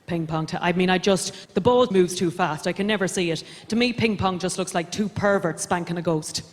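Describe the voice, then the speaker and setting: A young Irish woman performing stand-up comedy on a theatre stage, rambling in a deadpan, self-deprecating way. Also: fairly low pitch, fairly quick, background noise. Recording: reverberant live theatre recording. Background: audience laughter.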